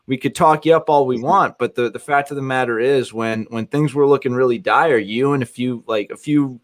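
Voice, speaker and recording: A man's voice: mid-range voice, brisk. Jokey, rambling male podcast host. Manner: rambling, jokey, many restarts. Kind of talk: casual podcast chat.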